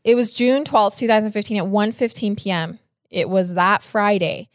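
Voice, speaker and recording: A woman's voice: mid-range voice, moderate pace, no room sound, studio quality. A young woman co-hosting a podcast, telling a true-crime case in a casual, chatty way with lots of "like.". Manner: chatty, animated, frequent "like". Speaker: podcast co-host.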